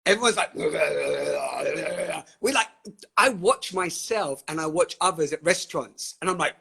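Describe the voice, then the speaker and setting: A man leads a passionate live online session on a webcam or phone, swearing freely, laughing often, and speaking with fiery emphasis. His fairly high voice is a little slow and creaky, with a sharp tone and breathy edge.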